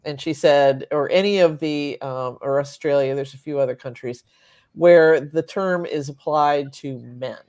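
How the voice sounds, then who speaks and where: A woman journalist on a panel, blunt and quick to laugh. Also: sits low, darkish tone. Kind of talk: casual panel chat.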